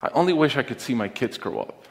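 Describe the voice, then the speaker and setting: A middle-aged man telling a personal story on stage, with an earnest, deliberate, heartfelt delivery and pauses. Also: mid-range voice, big pitch swings, vocal fry. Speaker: conference speaker. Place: stage in a large auditorium. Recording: long reverb of a large auditorium.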